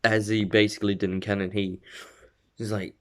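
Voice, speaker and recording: A man's voice: on the low side, little pitch movement, brisk. Rambling man retelling a fan story. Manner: rambling, many fillers and self-corrections. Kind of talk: casual fan-fiction retelling.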